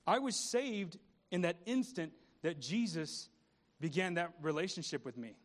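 A man's voice: on the high side, expressive, a little slow. A man pastor preaching a conversational sermon, repeating words and asking the congregation questions.

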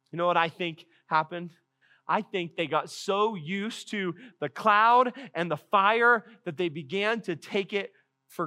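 High-pitched, bright-voiced male pastor. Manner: animated preacher who acts out quotes and laughs often. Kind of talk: sermon.

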